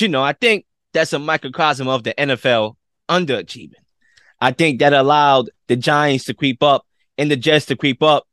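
A man hosts a casual sports talk show and sets up each topic in an upbeat way. His pitch is ordinary. The recording is very dry, with no room sound. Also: fairly bright tone, no echo. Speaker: sports podcast host.

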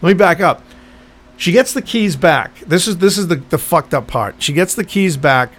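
A man telling a story in casual chat, animated and profane, acting out what people said in quick bursts. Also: a little high. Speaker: podcast co-host telling a story.

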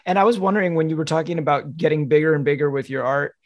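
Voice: medium pitch, steady tone, very fast, no echo, muffled recording. A podcast host asking loose, rambling questions in a casual interview and backing the guest with frequent mm-hmms.

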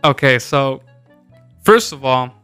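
Young guy on a podcast, bright forceful voice, animated profane storytelling, faint music under. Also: mid-range voice, takes it slowly, smooth. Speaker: podcast co-host. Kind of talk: casual storytelling chat.

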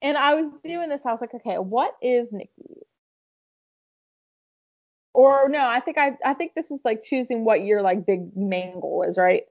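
A woman with a Southern American accent co-hosts a podcast, chatting casually with plenty of fillers, lots of "like," and talking to herself. Her voice is fairly high and expressive at a normal speed, and the recording has its highs cut off.

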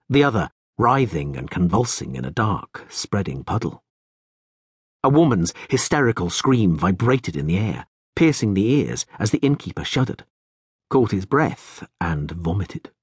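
A man reading a fantasy audiobook aloud with dramatic, expressive narration. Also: fairly low pitch, slightly rough, no echo, clean studio sound.

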